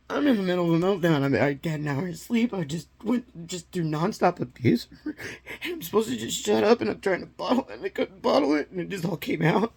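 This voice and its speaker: Gravelly, husky man in raw confession. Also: sits high, a little mellow. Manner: raw, agitated, halting retelling with nervous laughs. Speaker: vlogger. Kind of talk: personal confession storytelling.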